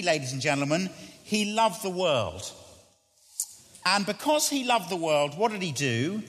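A man preaches a sermon in an earnest, questioning way, repeating his key phrases. His voice sits high and swings widely in pitch. The sound carries a long church reverb. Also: a bit bright.

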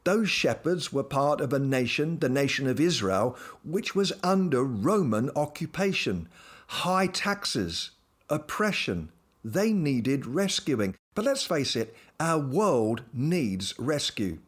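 Male host, devotional talk, playful storyteller, very expressive pitch. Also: slow, slightly rough. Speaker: host and Christian speaker.

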